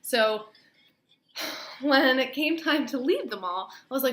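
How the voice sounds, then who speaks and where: A woman's voice: sits high, animated, normal speed, fairly bright tone. A young adult woman telling a personal story in casual, chatty storytime style, full of "like" fillers. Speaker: vlogger. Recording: roomy echo, faint room noise.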